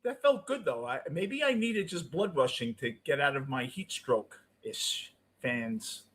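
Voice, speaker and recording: A middle-aged man with a New York accent ranting as a postgame show host, cursing and swinging between yelling and muttering. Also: mid-range voice, sing-song, a little slow. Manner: profane, swings from shouting to muttering. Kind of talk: ranting fan commentary.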